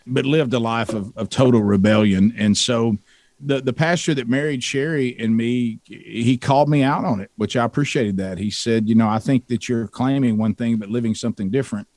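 A man's voice: mid-range voice, moderate pace, no echo. A middle-aged man from the South, a radio co-host telling stories in a casual interview and acting out the voices in them. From American South. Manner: animated, acts out voices in his stories. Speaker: radio show co-host, guest.

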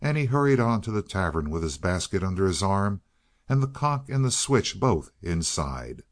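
A man reading a fairy tale aloud in a measured, expressive way. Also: low voice. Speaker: audiobook reader.

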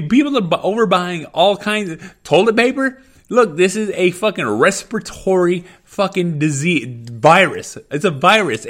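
A man's voice: high voice, a bit bright. A man, ranting angrily and swearing heavily as a parent venting to the camera. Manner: heated, profane, repetitive. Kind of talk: angry profane rant.

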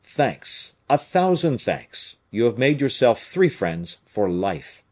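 A man reading a novel aloud, voicing a bold, shrewd male musketeer captain with a commanding, brisk manner and a lively lilt. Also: mid-range voice, pitched above the performer's own voice.

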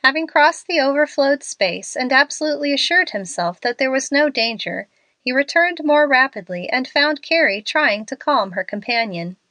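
A woman narrating a classic story aloud in a clear, expressive storytelling manner. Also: high voice, moderate pace, dry recording. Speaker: audiobook narrator.

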